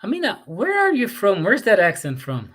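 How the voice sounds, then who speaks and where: A man's voice: high-pitched, wildly swooping pitch, moderate pace, a bit bright. A man with an American accent hosting a casual interview, asking questions and joking between them. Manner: chatty, joking, asks questions. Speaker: host.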